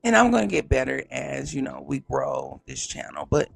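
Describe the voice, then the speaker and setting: A man hosting his own pop culture vlog from a small home studio, animated and chatty, talking straight to viewers with repeated catchphrases. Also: mid-range voice, normal speed, vocal fry, slightly rough, no room sound. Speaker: YouTube pop culture reviewer. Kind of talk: casual vlog intro.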